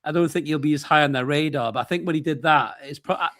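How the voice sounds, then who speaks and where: Fast-talking man telling stories. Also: a little high, fairly bright tone, no room sound, clean studio sound. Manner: fast, storytelling, swearing. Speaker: co-host. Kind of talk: casual football banter.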